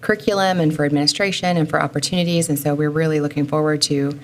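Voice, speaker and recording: Woman, low voice, board member, earnest meeting remarks, faint background noise. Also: fairly even intonation, quick pace.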